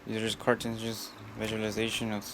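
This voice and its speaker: A man casually walking through a hands-on how-to, giving plain, unhurried step-by-step instructions. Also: on the low side, monotone, background noise. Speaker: tutorial presenter.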